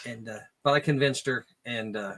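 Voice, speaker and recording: Halting husband co-host, easygoing. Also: male voice, mid-range voice, a bit bright. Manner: halting, filler-heavy, good-natured. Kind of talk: casual live stream chat.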